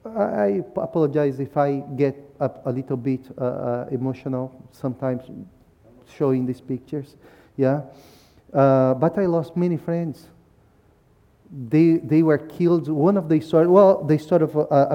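A Brazilian missionary speaker presents a talk with slides during a church service, finishing most sentences with "yeah?". His male voice sits a little high and sounds mellow.

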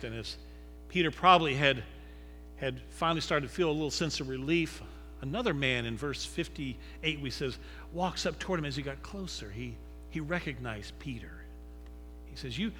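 A man preaching a sermon that retells a scripture story dramatically, moving between loud emphasis and hushed low passages. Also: moderate pace. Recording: long reverb with faint music behind.

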